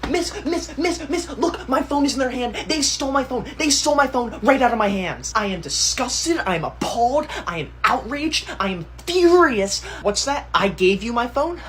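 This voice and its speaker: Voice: mid-range voice, lively intonation, moderate pace, few pauses, a bit bright, lightly acted. A performer acting out a spoiled schoolkid who lectures everyone in a haughty, mock-formal tone. The voice swoops up and down all the time. A faint hum of background noise sits under it. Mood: fake-outraged. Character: bossy entitled schoolkid who bullies classmates. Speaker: content creator. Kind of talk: pov comedy skit.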